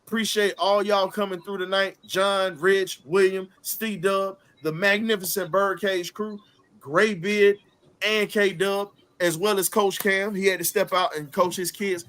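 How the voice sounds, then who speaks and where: A man hosting a sports talk show, hyped and trash-talking, dropping low and then shouting. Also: steady tone, measured pace. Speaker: host.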